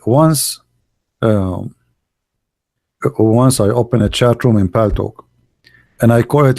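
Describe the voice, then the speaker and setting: A man talking in a casual, sarcastic monologue, full of halting fillers and mockery. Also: mid-range voice, dark tone, no room sound, studio quality. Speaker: online religious debater.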